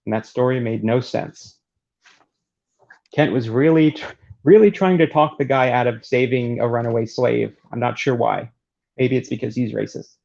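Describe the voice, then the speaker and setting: Brief: sarcastic male reader, gravelly, lo-fi home recording. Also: mid-range voice, normal speed, a little mellow. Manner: dry, sarcastic. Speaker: book reader and commentator. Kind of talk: reading aloud with sarcastic asides. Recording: dull lo-fi recording.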